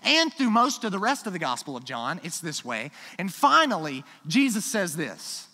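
Animated, bright-voiced preacher in a reverberant hall. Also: male voice, high voice, moderate pace, slightly rough. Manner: emphatic, swings from quiet asides to loud declarations. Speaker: pastor. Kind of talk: sermon. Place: church sanctuary.

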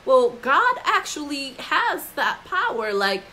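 A woman's voice: sits high, very animated, slow pace, bright, forceful tone, slight background noise, poor audio. A woman giving a casual Bible commentary, talking in a conversational way, filled with "like" and acted-out quotes. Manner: conversational, acts out quoted voices with frequent "like". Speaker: Bible teacher.

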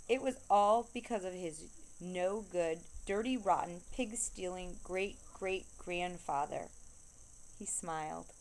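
A woman reading a children's novel aloud, steady storytelling that slows down to stress repeated refrains. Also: medium pitch, slight background noise. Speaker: reader.

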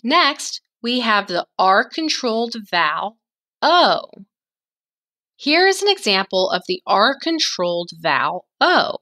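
A woman gives a children's phonics lesson at a very unhurried pace, stretching each sound so little ears can follow. Her voice is bright and a touch high, and she enunciates with care. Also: very animated. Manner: slow, clearly enunciated, drawn-out sounds. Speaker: teacher.

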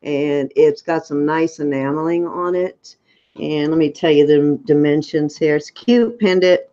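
A woman's voice: low voice, unhurried, mellow. Chatty woman describing jewelry, lo-fi. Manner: chatty and detailed, with frequent ums. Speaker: seller on a live auction. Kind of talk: casual item descriptions. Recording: dull lo-fi sound.

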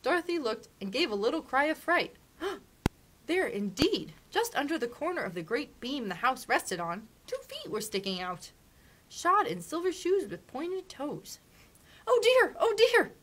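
A woman librarian reading a storybook aloud for children, expressive and animated, with gasps at dramatic moments. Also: high-pitched, moderate pace, rough recording.

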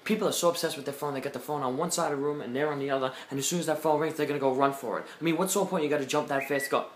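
A young man doing comedy sketches, loud and profane, swinging from mumbles to shouts. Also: fairly high pitch, very fast, hardly any pauses, echoey room, background noise. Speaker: comedy video maker.

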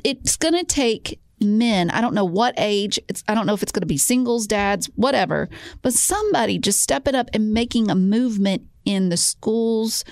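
Earnest woman with a gravelly voice. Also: mid-range voice, animated, normal speed, darkish tone, no room sound, clean studio sound. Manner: earnest, restarts often, emphatic. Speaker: co-host. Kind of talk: casual faith talk show chat.

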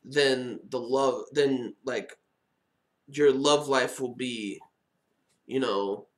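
A man giving casual, excitable reaction commentary while watching an anime, chatting and laughing as he goes. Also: mid-range voice, extremely slow.

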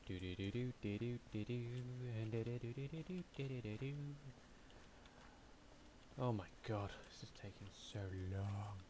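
A man's voice: on the low side, unhurried, background noise. A young man giving casual let's-play commentary, chatty, talking to himself and humming as he plays. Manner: chatty, talks to himself, hums and mutters while playing. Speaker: gaming YouTuber.

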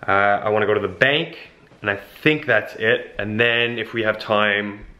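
Chatty young man vlogging, lower voice. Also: steady tone, normal speed, bright, forceful tone, no echo, lo-fi sound. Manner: chatty, breathless after shoveling. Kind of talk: casual vlog chat. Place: outdoors in snow and at home. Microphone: handheld camera.

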